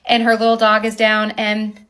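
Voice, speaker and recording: A woman who owns a wedding venue, telling an animated, indignant account of a dispute with her neighbors. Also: mid-range voice, normal speed, clean tone. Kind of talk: recounting a neighbor dispute to camera.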